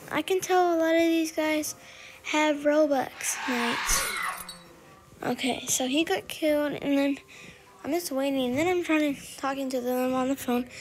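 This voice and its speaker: Female game voice-over, high pitched, rambling and chatty, quick to get annoyed. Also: slight background noise, rough recording. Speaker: gameplay commentator. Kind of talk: recorded voice-over of gameplay.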